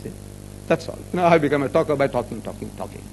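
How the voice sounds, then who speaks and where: A man's voice: medium pitch, expressive, fast talker, gravelly, a little mellow, soft background music. An older man giving a live public lecture on religion in a meeting hall, rhetorical, boastful and mocking. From South Africa.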